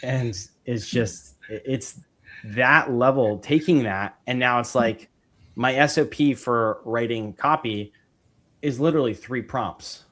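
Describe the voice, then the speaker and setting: A man of middle pitch chatting as a podcast guest. He talks in a loose, enthusiastic way, piling up fillers and restarting his sentences as he explains his work. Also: takes it slowly, a bit bright. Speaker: podcast guest, real estate investor. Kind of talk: casual interview chat.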